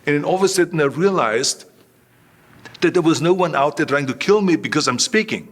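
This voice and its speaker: A man's voice: on the high side, brisk. Austrian-accented man telling stories. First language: German. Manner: animated anecdotes with quoted voices. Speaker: guest. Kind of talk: storytelling interview.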